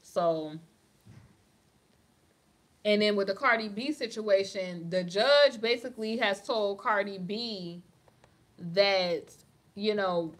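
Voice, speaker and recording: The same woman, whose mid-range voice has a fairly bright tone, runs a laid-back celebrity gossip livestream through a phone or webcam mic. She reads her viewers' comments aloud, chatting and calling them "honey."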